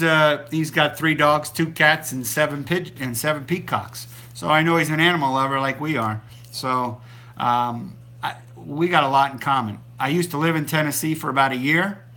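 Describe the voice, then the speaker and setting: A man's voice: mid-range voice, sharp tone. A middle-aged man hosting a casual live stream about the keto diet, rambling along with many ums and restarts. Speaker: keto diet channel host.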